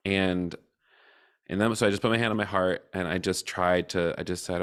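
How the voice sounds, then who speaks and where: A man candidly reflecting on his feelings in a personal talk, open and emotional, with casual swearing and halting restarts. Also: low-pitched, steady tone, clear, resonant tone. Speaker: cohort facilitator.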